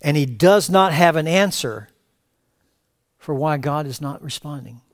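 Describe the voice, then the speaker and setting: A man preaching a sermon in a fairly high voice, recorded close and dry. He delivers it with passion, rising to emphatic, louder phrases and then dropping to quiet, low-spoken lines. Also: unhurried, dry recording. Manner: impassioned, swinging from raised emphatic cries to hushed low phrases. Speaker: pastor.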